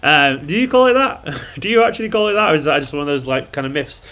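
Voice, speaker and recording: This Manchester man hosts a live watchalong for a fan channel, rambling casually and answering viewers' messages. His voice is a little high and sharp, with lively intonation and a fast pace.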